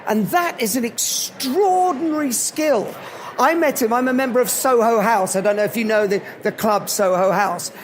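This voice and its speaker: A man giving a live motivational talk at an event, telling animated anecdotes. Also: very high-pitched, moderate pace, slight background noise. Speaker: motivational speaker.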